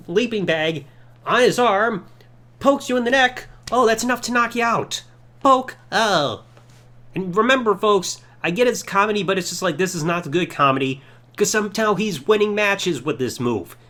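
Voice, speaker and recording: A man with a high, lively voice that swings up and down as he talks. He runs through a wrestling show in a casual, sarcastic way and scoffs at whatever he dislikes. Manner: sarcastic, mocking, does silly impressions. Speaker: podcast host reviewing wrestling. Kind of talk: casual solo review.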